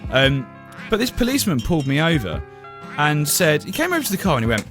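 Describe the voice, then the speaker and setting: A man's voice: on the high side, soft background music. A man hosting a comedy radio talk show, telling stories with lots of laughs and acting out voices. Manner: animated storytelling, quick laughs, acts out other voices. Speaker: radio host.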